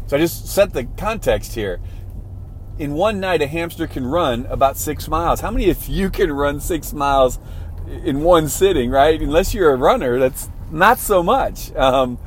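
A man's voice: fairly high pitch, a little hiss or hum. A man giving a motivational talk in a conversational way, often checking in with "right?" and restarting his phrases. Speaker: motivational speaker.

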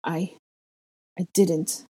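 A troubled teenage boy, guilty and close to tears, as voiced by a woman reader. He speaks in halting, choked murmurs. The voice is low and mellow for a woman. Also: level tone, breathy edge, exaggerated voice. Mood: distressed.

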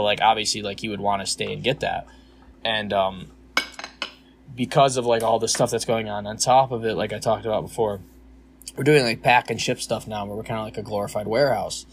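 A man's voice: fairly low pitch, slight background noise. A young man co-hosting a podcast, venting in a rambling casual chat full of fillers and frequent swearing. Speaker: podcast co-host.

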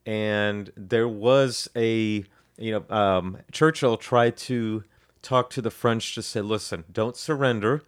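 A man with a fairly low voice co-hosts a history podcast, walking through events in a relaxed, conversational way. He rambles a little, filling pauses with ums and restarting his sentences as he goes. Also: clean tone. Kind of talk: casual explanatory history chat.

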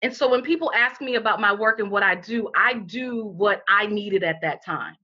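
Heard on a dull, lo-fi recording, this medium-pitched woman speaks at a moderate pace with a sharp tone and a breathy edge. She is middle-aged and appears as an interview guest, recounting how she came to found a healing center. Her telling is frank and forceful, peppered with "you know."

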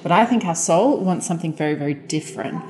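A candid woman on a podcast, telling stories and cursing casually as she talks. Her voice is slightly low and relaxed in tone. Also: fast, a little hiss or hum. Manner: candid storytelling, swears freely. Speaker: podcast guest.

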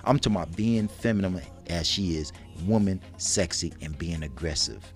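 A man's voice: deep voice, moderate pace, faint music behind. A man co-hosting a casual relationship talk podcast, bragging playfully and acting out little quotes. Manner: animated, bragging, acts out quotes. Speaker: podcast co-host.

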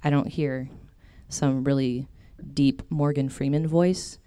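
A woman's voice: a bass voice, steady tone, slow pace, warm tone, slight background noise. A young woman giving a casual faith talk to a group, chatty and full of fillers and tangents.

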